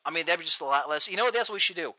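A man hosting a show, ranting loudly and profanely in a mocking tone, recorded on dull lo-fi audio. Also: a little high, animated, rapid-fire, no room sound. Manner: loud, profane, mocking rant. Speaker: podcast host. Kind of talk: ranting comedic talk show.

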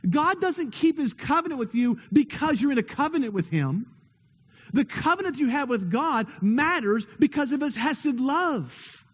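A man's voice: extremely high pitch, very animated, normal speed. A man preaching a sermon as pastor, earnest and emphatic, building his points with repeated phrases and rhetorical questions. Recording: long reverb of a large hall.

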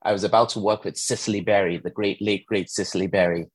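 A man being interviewed about his acting career talks with animated, emphatic storytelling. His voice is husky and sits fairly low. The recording is dry and close, with no room sound. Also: quick pace, no echo. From England. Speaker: actor and guest. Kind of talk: conversational interview.

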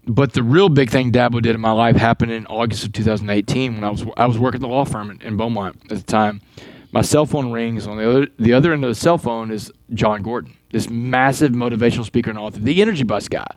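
A man, a guest in an interview, telling his story in an animated way and often repeating words as he goes. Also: medium pitch, fast talker, dry recording, poor audio.

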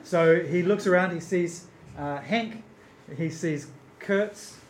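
Guy running a live d&d game, slightly high voice, lots of ums, roomy echo. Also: slow pace, slight background noise. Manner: hesitant, full of fillers, amused. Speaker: game master. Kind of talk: live tabletop game narration. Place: stage in front of a live audience.

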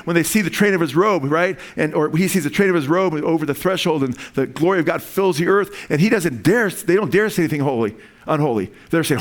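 A middle-aged man preaching a sermon, talking to listeners in an earnest, conversational way and rising in pitch when he quotes scripture. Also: fairly quick.

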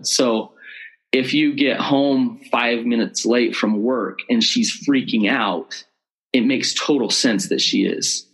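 A man talking as the expert guest in an interview, with a voice of ordinary, middling pitch. He explains things earnestly and slips into the voices of people he is quoting. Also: a bit bright, slightly rough, poor audio. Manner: earnest, explanatory, acts out quoted speech. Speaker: betrayal trauma expert guest. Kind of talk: conversational interview.

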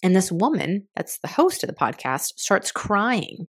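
A woman's voice: mid-range voice, very animated, unhurried, husky. A woman in her fifties hosting a solo podcast, talking candidly and with some frustration, with casual swearing. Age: 50s. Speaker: podcast host.

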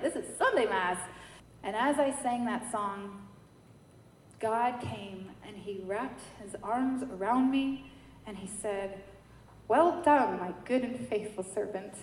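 A woman from New York giving a personal faith testimony, telling her story with animated quoted voices. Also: fairly high pitch, normal speed. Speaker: testimony speaker. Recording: echoey hall with light noise.

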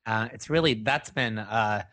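Relaxed, hesitant man co-host. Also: fairly low pitch, a little slow. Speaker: podcast co-host. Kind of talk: casual chat.

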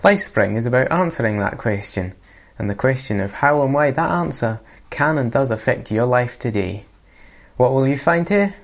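A man's voice: mid-range voice, lively intonation, normal speed, gravelly, highs cut off. A man from England reading a podcast promo in a put-on Scottish accent. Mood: earnest.

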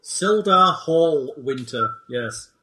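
A man's voice: on the high side, lively intonation, slow pace, sharp tone, roomy sound. A man running a tabletop game as game master, explaining the setup with dry humor and reading boxed text aloud.

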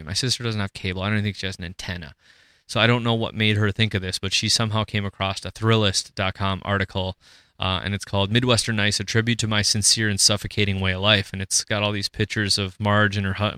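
A man's voice: lowish voice, sharp tone, clear, resonant tone, dry recording, studio quality. A man from Minnesota hosting a podcast in casual, rambling chat. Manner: rambling, restarts, acts out quoted voices. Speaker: podcast host.

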